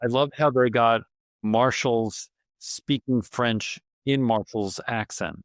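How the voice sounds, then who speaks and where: A man hosting a podcast, making quick amused asides in casual chat. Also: medium pitch, fairly even intonation, no echo, studio quality. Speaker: podcast host.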